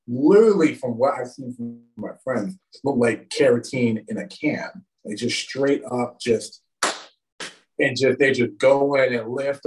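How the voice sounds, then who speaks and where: A man's voice: mid-range voice, distant mic, poor audio. A Southern American man chats casually as a podcast guest, laughing as he tells his stories in slangy turns of phrase. His mid-range voice rises and falls a great deal. He sits a little back from the microphone. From Southern United States. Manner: laughing, slangy, quick anecdotes. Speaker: professional wrestler guest.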